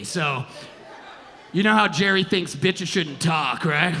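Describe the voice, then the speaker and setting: A man doing a brash, profane stand-up comedy set on a theater stage, shouting his punchlines. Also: high voice, expressive, a little slow, vocal fry, crowd noise. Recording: live theater with reverb and audience noise.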